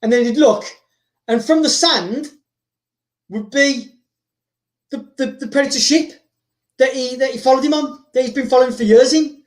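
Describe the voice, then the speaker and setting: A man hosting, rambling excitedly through a story told casually, with frequent repeats and restarts. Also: very high-pitched, normal speed, pauses often. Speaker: host. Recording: roomy echo.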